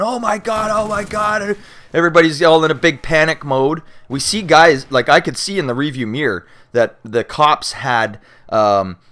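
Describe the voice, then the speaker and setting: A young man from Canada casually telling a story to his viewers, animated and swearing freely, with plenty of fillers and restarts. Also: mid-range voice, slight background noise. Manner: animated, acts out shouting cops and panicked friends. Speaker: YouTuber answering viewer questions.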